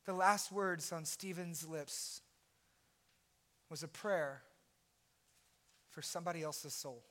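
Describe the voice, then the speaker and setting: A man preaching a sermon as pastor, impassioned and at times shouting. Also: fairly high pitch, takes it slowly.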